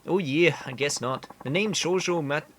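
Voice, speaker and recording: A man's voice: a little high, moderate pace, a bit bright, a little hiss or hum, voice pushed up, natural voice. A man voicing an earnest middle-aged ramen-shop owner turned political candidate, in a put-on Canadian accent. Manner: sincere, faltering, easily discouraged.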